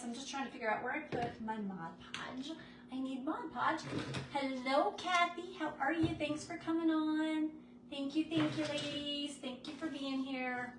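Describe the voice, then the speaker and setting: A woman's voice: high-pitched, recorded from a distance. A woman chatting casually with viewers while she crafts, greeting them by name. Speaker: craft livestream host. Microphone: phone on a stand. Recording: echoey room, noisy phone audio.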